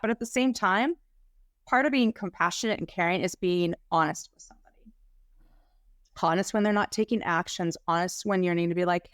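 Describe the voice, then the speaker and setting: A woman practitioner speaking as an interview guest, excited and fired up, with frequent "like" fillers. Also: lowish voice, a little fast, no echo, studio quality. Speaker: guest health practitioner and educator. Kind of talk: casual interview talk.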